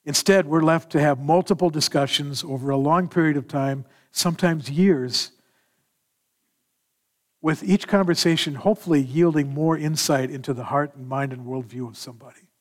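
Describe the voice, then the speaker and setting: A man preaching a sermon in an animated manner, acting out scripture dialogue as he explains verses. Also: on the high side, moderate pace. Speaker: pastor.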